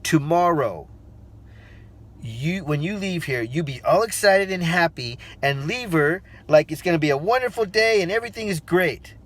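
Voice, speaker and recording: A man voicing a caring, gently frank female preschool teacher who speaks with earnest emphasis. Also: fairly high pitch, animated, normal speed. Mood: encouraging. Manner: earnest, instructive, emphatic repeats.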